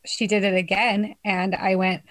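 A young woman in casual chat with friends, telling a story with lots of swearing and laughter. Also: mid-range voice.

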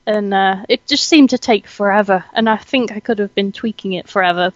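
A woman's voice: mid-range voice, a little fast, dry recording, lo-fi sound. A young woman hosting a casual chat, giggly and chatty, often poking fun at herself. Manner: giggly, chatty, self-deprecating. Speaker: host, student.

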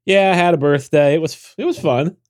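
A man's voice: on the high side, a little fast. A man in his forties, co-hosting a podcast in casual chat, tired and congested with a nasal voice, rambling with many restarts. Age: 40s. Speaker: podcast co-host.

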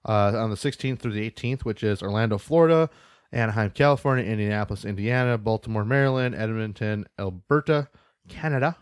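A man's voice: on the low side, fairly quick, clean tone, dry recording, studio quality. A man co-hosting a casual podcast, reading out news and events with loose, joking asides and casual swearing. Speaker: podcast co-host.

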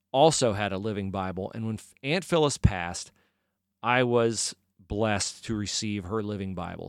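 A middle-aged man hosting a podcast, sharing a casual devotional reflection in an earnest, halting way with many fillers. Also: on the low side, creaky, no echo, clean studio sound. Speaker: podcast host.

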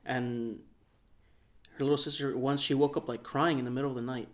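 A man telling a long story on a casual podcast, rambling and soft-spoken, with lots of filler words. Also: mid-range voice, little pitch movement, fairly quick. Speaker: podcast co-host.

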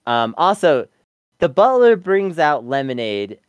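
A podcast co-host recapping a show with a smooth, clear voice. The talk is wry, casual and full of laughter. The mic is close and dry. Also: medium pitch, very animated, unhurried, no echo. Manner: wry, laughing, sums up the plot. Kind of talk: casual review chat.

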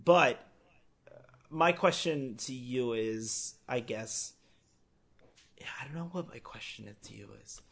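A man's voice: medium pitch, takes it slowly, pauses often, fairly bright tone. A man hosting a podcast, chatting casually and teasing his guest with a sarcastic, rambling manner. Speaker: podcast host. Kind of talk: casual chat.

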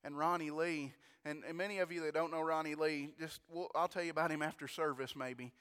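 High-voiced preacher in a reverberant hall. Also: male voice, fairly quick, smooth. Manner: animated, repeats words, exclaims praise. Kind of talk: storytelling sermon.

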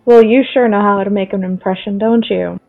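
A woman's voice: medium pitch, fairly even intonation, fairly quick, vocal fry. A woman chatting casually as a player in a tabletop role-playing game. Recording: dull lo-fi mic.

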